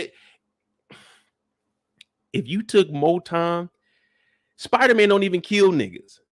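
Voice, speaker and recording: A man delivering an animated, profane, exasperated comedic rant. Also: high-pitched, dry recording.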